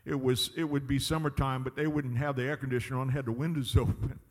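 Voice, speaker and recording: A man's voice: mid-range voice, steady tone, fast, big-room sound. A man preaching a sermon as pastor, emphatic and drawing out his words. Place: church sanctuary.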